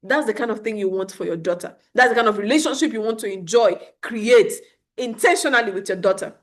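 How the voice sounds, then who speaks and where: A young adult woman, coaching parents in a live webinar talk, earnest and quick to laugh. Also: mid-range voice. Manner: acts out calm soothing quotes.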